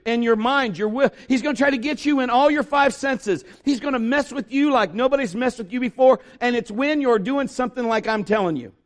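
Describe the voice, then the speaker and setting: A middle-aged man, a pastor, preaching a sermon through a folksy, humorous story and acting out the voices of the people in it. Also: extremely high pitch.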